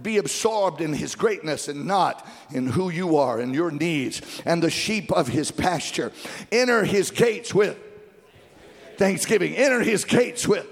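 Man preaching in church, highish raspy voice, gets folks to repeat after him, fired up. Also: animated, a little slow, long reverb tail. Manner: exhorting call-and-response with the congregation; rising to fervent shouting. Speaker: pastor. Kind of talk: sermon. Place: church service.

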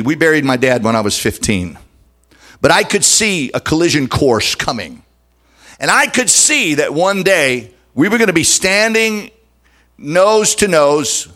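Emphatic preaching man, somewhat high voice. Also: a bit bright. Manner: emphatic, dramatic preaching, shifting pace. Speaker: pastor. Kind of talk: sermon.

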